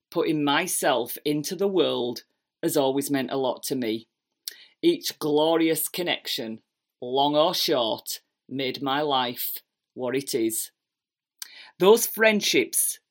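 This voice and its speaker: A woman in her fifties with a Yorkshire accent, telling her own story in a chatty, animated, self-deprecating way from her kitchen at home. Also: deep voice. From England. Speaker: podcast host. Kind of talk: personal storytelling monologue.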